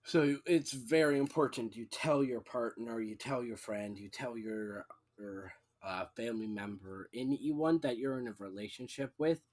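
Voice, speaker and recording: A man's voice: medium pitch, normal speed. Laid-back, playful man co-host. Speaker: podcast co-host. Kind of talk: casual chat.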